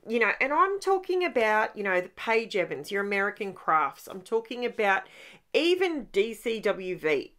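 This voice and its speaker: Speaking from her craft room at home, an Australian woman who hosts a scrapbooking channel records a voice-over. Her voice sits at a medium pitch with a slight brightness, and she chats and rambles along, full of fillers and little asides.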